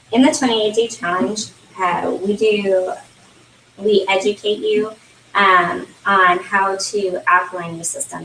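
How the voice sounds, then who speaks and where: A young woman gives a chatty, filler-heavy presentation to guests in a room. Her voice sits a little low and comes from across the space, picked up by a camera. The room rings around her. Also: fairly bright tone, a little hiss or hum. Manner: chatty, many fillers, laughs often. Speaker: consultant presenting at a launch party. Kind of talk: casual product presentation. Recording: roomy, distant camera audio.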